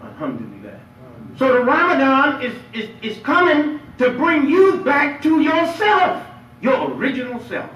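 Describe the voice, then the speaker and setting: A man preaching a lively Friday sermon as imam, playful and emphatic, drawing responses from the congregation. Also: very high voice, unhurried, dull audio. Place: mosque prayer hall. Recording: echoey hall, picked up from far off.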